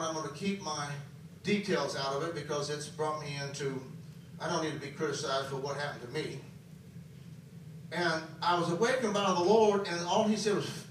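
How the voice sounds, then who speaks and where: A man preaching a sermon, swinging between soft and loud and repeating phrases for emphasis. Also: a little high, slight background noise. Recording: very echoey hall, voice from far off.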